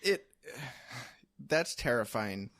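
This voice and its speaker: A man's voice: mid-range voice, big pitch swings, slow, vocal fry, fairly bright tone, no room sound, clean studio sound. A man co-hosting a podcast, chatting casually and hesitantly with stammering restarts. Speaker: podcast co-host. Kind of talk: casual chat.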